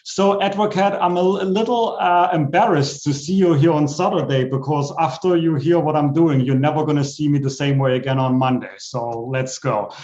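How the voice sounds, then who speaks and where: A man's voice: fairly high pitch, normal speed, hardly any pauses, a little mellow. A man from New York at an online open mic, reading a silly rhyming poem in a playful, self-mocking way over a webcam. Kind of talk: rhyming comic poem recitation. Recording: roomy, dull online call audio.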